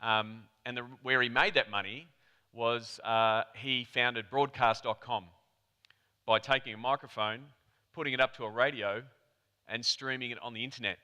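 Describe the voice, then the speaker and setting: An Australian man gives a keynote talk in a reverberant hall, his bright, crisp voice carrying a long tail of echo. He tells his story in a chatty way, tossing quick asides to the audience. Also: medium pitch, fairly even intonation. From Melbourne, Australia. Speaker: conference presenter. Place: conference hall.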